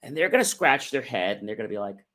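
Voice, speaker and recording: A man's voice: mid-range voice, big pitch swings, fast, fairly bright tone. An emphatic middle-aged man coaching viewers. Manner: emphatic, coaching delivery with rhetorical questions and acted-out example dialogue. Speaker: motivational livestream host. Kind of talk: motivational talk to viewers.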